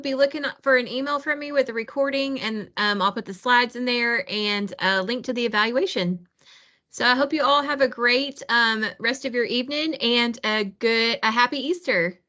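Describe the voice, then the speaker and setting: Bright woman closing an online workshop. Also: fairly high pitch, lo-fi sound. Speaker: workshop organizer. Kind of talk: friendly closing remarks.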